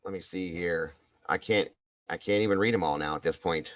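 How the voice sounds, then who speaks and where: A man's voice: low voice, brisk, no echo, rough recording. An older man hosting a casual live stream at home, effusively thanking viewers one by one. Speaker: livestream host.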